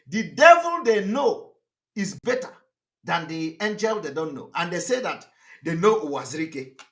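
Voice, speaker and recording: A man's voice: high-pitched, a bit bright. A man giving an impassioned broadcast monologue, mocking his critics with laughs and repeated rhetorical questions. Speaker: activist broadcaster.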